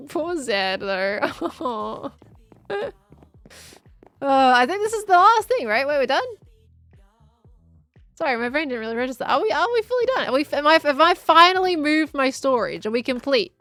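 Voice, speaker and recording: An Australian woman streamer rambling in casual chat while she plays a game, chatty and quick to giggle. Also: sits high, sing-song, fairly bright tone, no room sound, soft background music.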